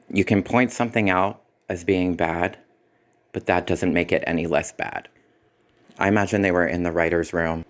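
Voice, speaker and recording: A man giving a spoken movie review in a critical, sarcastic way. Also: low-pitched. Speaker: film reviewer.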